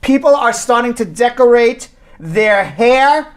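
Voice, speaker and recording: A man's voice: very high voice, lively intonation, takes it slowly, smooth. A man co-hosting a live radio and stream show from a law office, rambling, teasing and correcting himself as he talks. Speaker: immigration attorney and co-host.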